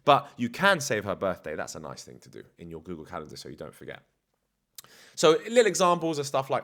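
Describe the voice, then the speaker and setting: A man's voice: on the low side, huge pitch swings, fairly quick, fairly bright tone. A man talking as a dating coach in a casual vlog, blunt, slangy and self-assured.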